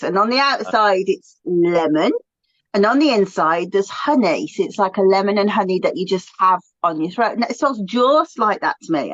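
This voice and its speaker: A woman co-hosting an aromatherapy talk, chatting with animated enthusiasm in a casual educational way. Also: medium pitch, no room sound. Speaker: aromatherapy co-host. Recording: dull dry lo-fi recording.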